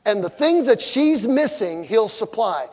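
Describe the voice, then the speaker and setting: A man's voice: sits high, very animated, measured pace, darkish tone, in a large hall, low-quality recording. A middle-aged man preaching a sermon, telling personal stories with emphasis and asking his listeners questions. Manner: emphatic storytelling, asks the crowd questions.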